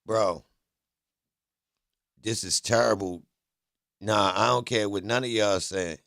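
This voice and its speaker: A man's voice: fairly low pitch, takes it slowly, creaky, fairly bright tone, no room sound, studio quality. A man hosting a livestream, talking bluntly and profanely as he rants at his chat. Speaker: livestream host. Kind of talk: heated livestream commentary.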